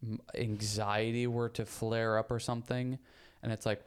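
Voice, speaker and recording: Young male podcast co-host, deep clear voice, loose rambling chat. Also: moderate pace. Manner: rambling, repeats words, animated when making a point. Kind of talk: casual chat.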